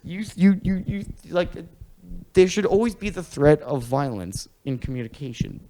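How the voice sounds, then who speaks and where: A man's voice: a little high, lively intonation, normal speed, mellow, slight background noise, rough recording. A man talking casually on a podcast, ranting animatedly and swearing a lot. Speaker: podcast host.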